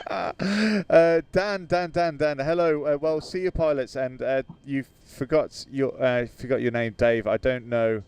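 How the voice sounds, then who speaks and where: A man from the UK hosts a casual flight sim livestream. His voice is smooth and clear, and he sits at a middle pitch. He fills his talk with ums and uhs, reads viewer comments aloud and laughs easily. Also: fairly even intonation, a little slow, a little mellow. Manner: hesitant, many fillers, reads out chat, laughs easily.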